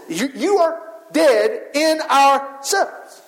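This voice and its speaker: A man's voice: extremely high pitch, sing-song, takes it slowly. A man preaching a sermon, building fervent, repetitive rhetorical runs of short phrases. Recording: echoey hall.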